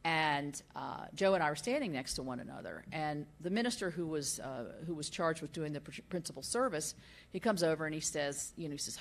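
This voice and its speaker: Older woman senator, low voice, folksy summit speech, fillers and restarts. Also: lively intonation, a little fast.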